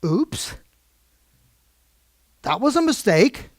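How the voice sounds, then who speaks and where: A middle-aged man teaching a Bible prophecy class in an animated, digressive way, with frequent exclamations. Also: a little high, measured pace, creaky, dry recording, clean studio sound. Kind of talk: informal Bible lesson.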